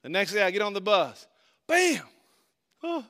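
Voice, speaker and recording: A middle-aged pastor, delivering a sermon full of storytelling. His voice sits high and bright. He swings from quiet, intimate asides to shouted, excited peaks. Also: fast.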